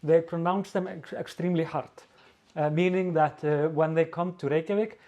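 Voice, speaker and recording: A man with an Icelandic accent, hosting a casual video-call Q&A as an editor, talking haltingly with many fillers and restarts. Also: on the high side, steady tone, dark tone, muffled recording. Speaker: editor-in-chief, co-host.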